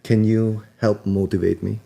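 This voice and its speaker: Mellow man co-hosting. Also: lowish voice, flat delivery, moderate pace, gravelly. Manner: easygoing, laughs, switches into Tagalog. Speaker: podcast co-host. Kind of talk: casual chat.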